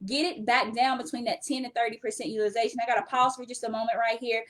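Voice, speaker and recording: Animated woman hosting a money livestream. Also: a little high, fast. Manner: energetic, repeats words for emphasis; talks straight to viewers, greets them by name. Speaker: host, credit educator. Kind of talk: live-stream Q&A.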